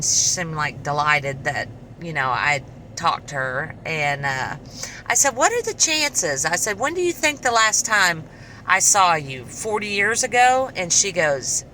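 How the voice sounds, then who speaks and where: A middle-aged woman casually telling a personal story to camera, chatty and animated, acting out the dialogue. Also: low-pitched, a little hiss or hum, rough recording. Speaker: vlogger.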